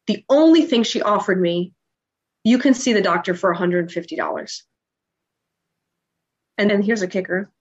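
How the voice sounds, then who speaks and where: A woman in her thirties tells her own story as a podcast guest. She is emotional and animated and acts out the lines of the people in it. The recording sounds dull and lo-fi. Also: mid-range voice. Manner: emotional, animated retelling with acted-out dialogue. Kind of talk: personal storytelling in an interview.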